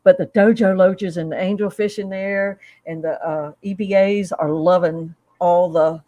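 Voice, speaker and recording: Woman guest, casual storyteller, soft asides, dry close sound. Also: lowish voice, fairly even intonation, a little slow, dry recording, highs cut off. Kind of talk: casual group chat.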